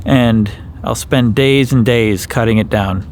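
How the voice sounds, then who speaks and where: A man's voice: a little slow, a little hiss or hum. Rambling Wisconsin man vlogging in a backyard. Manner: rambling, self-correcting, playful, with big jumps up in pitch. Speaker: YouTuber. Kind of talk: casual vlog chat. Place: outdoors in a backyard.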